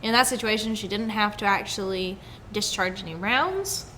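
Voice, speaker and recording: A woman's voice: medium pitch, normal speed, pushed and bright, a little hiss or hum. A young adult woman co-hosting a podcast, chatting casually and retelling a news story with frequent laughter. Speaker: podcast co-host, news segment host.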